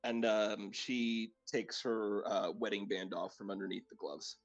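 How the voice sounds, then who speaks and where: A woman playing in a tabletop game, slipping between halting in-character lines and soft narration of her character. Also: very deep voice, fairly even intonation, highs cut off, faint music behind. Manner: mixes halting in-character speech with soft asides. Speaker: player. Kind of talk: tabletop role-play chat.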